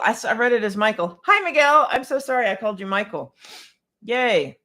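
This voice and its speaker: A woman's voice: medium pitch, big pitch swings, normal speed, fairly bright tone. A woman piano technician answering viewer questions on a casual livestream, chatty and a bit scattered, with frequent restarts and laughter.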